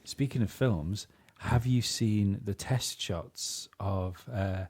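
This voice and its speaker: A man's voice: on the low side, slow, a little mellow. Laid-back man with wry jokes. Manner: laid-back, sweary, wry one-liners. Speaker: co-host. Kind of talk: casual comedy podcast chat.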